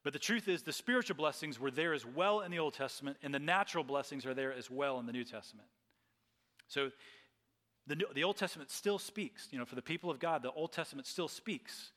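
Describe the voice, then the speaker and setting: A man's voice: a little high, brisk, fairly bright tone, in a large hall. A man preaching a sermon as pastor, earnest and often repeating phrases.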